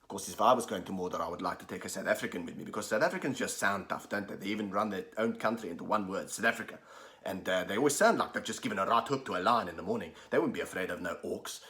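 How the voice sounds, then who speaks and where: A man's voice: sits low, sharp tone. A man, a voice artist, doing a comic monologue that hops between accents. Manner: quick, jokey, slipping between accents. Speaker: voice artist, host.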